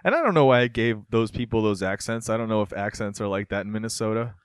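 A man's voice: on the low side, fast, clean tone, no echo. A man co-hosting a podcast, reading a news story aloud and chatting animatedly. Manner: animated, laughs often. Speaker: podcast co-host.

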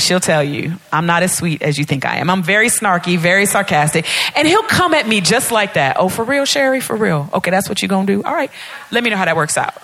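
A woman preaching a sermon in an animated, playful way, acting out conversations with God. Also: mid-range voice.

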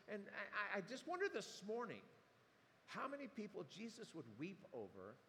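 A male pastor delivers a sermon, retelling the story animatedly and acting out the quotes. His voice sits fairly high for a man. The sound carries a long hall reverb over a faint room hum. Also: big pitch swings, moderate pace, fairly bright tone.

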